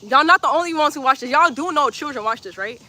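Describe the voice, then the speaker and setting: Playful, bright-voiced woman streaming outdoors. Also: high-pitched, lively intonation, fast. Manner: playful, teasing, laughs often, repeats phrases. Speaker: livestreamer reading chat comments. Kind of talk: casual livestream chat. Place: outdoors in sunlight.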